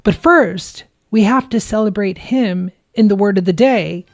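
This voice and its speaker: A woman's voice: mid-range voice, unhurried, music in the background. A woman from the Midwestern United States hosting her podcast solo, with a playful, theatrical and effusive delivery. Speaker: podcast host.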